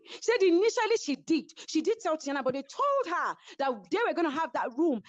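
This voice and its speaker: Fast, lively Nigerian woman, high voice. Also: no room sound. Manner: animated, acts out quoted voices, code-switching. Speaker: reality show cast member. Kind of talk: heated casual retelling. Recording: dull, dry lo-fi audio.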